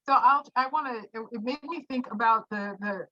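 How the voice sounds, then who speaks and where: A woman on a panel, thinking aloud in a halting way with many fillers. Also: on the high side, sharp tone, no echo. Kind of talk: panel discussion. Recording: dry close lo-fi audio.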